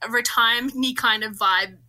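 A woman's voice: a little high, fairly even intonation, normal speed, sharp tone. A young woman co-hosting a podcast, chatting casually and laughing often. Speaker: podcast co-host. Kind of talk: casual chat.

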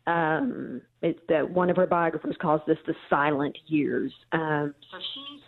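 A woman's voice: deep voice, lively intonation, measured pace, slight background noise. A woman author explaining history as a guest, telling stories with frequent ums. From central Missouri. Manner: thoughtful storyteller with frequent ums. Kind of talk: phone interview. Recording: tinny phone line.

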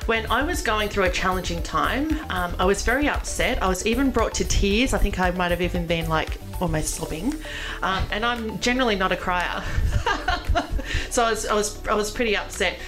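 A woman's voice: mid-range voice, normal speed, rough recording. Woman, podcast host, casual chat, effusive, restarts, faint music behind. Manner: warm, effusive, many fillers and restarts.

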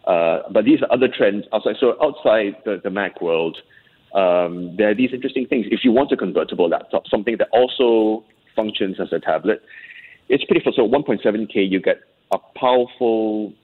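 A man with a husky voice, giving chatty, explanatory tech commentary in a conversation. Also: fairly low pitch, brisk. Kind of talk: conversational tech chat on air. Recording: tinny phone-line sound.

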